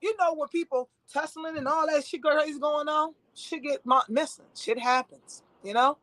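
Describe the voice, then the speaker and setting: A woman with a high-pitched voice tells a story from her own life in a casual vlog. She talks in an animated way, swears freely and keeps turning to the listener. The sound is dry and close, with no room echo. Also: moderate pace.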